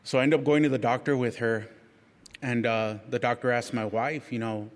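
A middle-aged man shares a personal testimony before a church gathering, speaking frankly and poking fun at himself. He talks in a chatty, loose way, often restarting his sentences, at a mid pitch. His voice carries a long reverb from a large hall. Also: fairly even intonation, normal speed. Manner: frank and self-mocking, chatty with lots of restarts. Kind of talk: candid personal testimony, casual storytelling.

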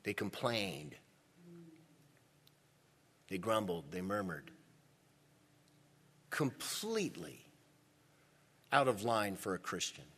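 A man's voice: on the low side, sing-song, slow, long pauses, pushed and bright, slightly rough, long reverb tail. A male pastor preaching a sermon in a church, emphatic and repeating words for stress.

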